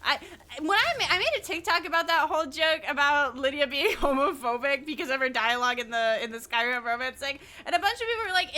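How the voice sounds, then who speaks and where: A woman streamer chatting casually while she plays, excitable and quick to swear, often breaking into laughter. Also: sits high. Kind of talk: casual live-stream chat.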